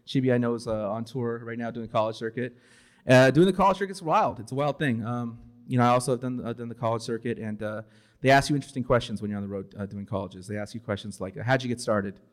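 A man in his forties from Los Angeles, USA, performs spoken word poetry at a bookstore event. His voice is medium in pitch with fairly even intonation, and he talks fast. His delivery is emphatic and dramatic, with Spanish words mixed in.

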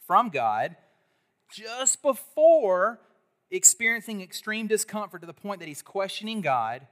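A man with a high-sitting voice preaches a sermon at a church service, animated as he leads the congregation in call-and-response.

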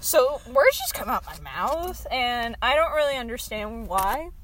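A woman's voice: fairly high pitch, very animated, measured pace, fairly bright tone, slight background noise. A woman co-hosting a podcast in casual chat, rambling, swearing freely and laughing often. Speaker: podcast co-host.

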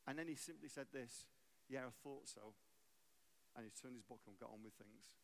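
A man's voice: medium pitch, fast, vocal fry. A man from England giving a guest sermon in a church, telling stories with humor. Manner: storytelling, lively and humorous. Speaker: guest preacher.

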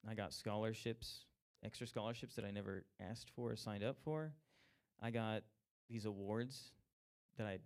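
A young man telling a personal faith testimony, animated and self-mocking, acting out the people he quotes. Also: medium pitch, clean tone. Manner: animated, acts out quoted voices, laughs at himself. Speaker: speaker sharing a personal testimony. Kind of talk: storytelling testimony.

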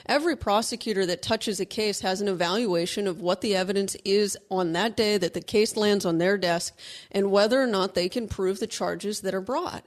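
A woman co-hosting a legal talk show, arguing her points in a brisk, assertive way. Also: medium pitch. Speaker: co-host, lawyer. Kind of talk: casual legal commentary.

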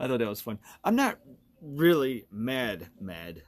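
A man's voice: mid-range voice, big pitch swings, slow, dry recording. A man in his forties hosting a solo podcast, ranting bluntly and with lots of profanity, often laughing at himself. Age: 40s. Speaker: podcast host.

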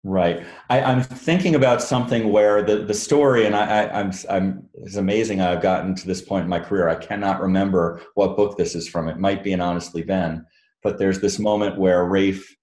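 A low-voiced man talks casually to a live audience as an author, wandering through his answers with a self-mocking laugh. The sound carries the echo of a roomy hall. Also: fairly even intonation, normal speed, a little mellow. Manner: rambling, self-deprecating, laughs often. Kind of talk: casual Q&A talk.

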